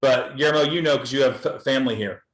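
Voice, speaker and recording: A man's voice: medium pitch, quick pace. A filmmaker from Los Angeles, a man, speaking bluntly and earnestly in a candid panel discussion, often repeating words as he goes. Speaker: documentary filmmaker guest. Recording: roomy echo.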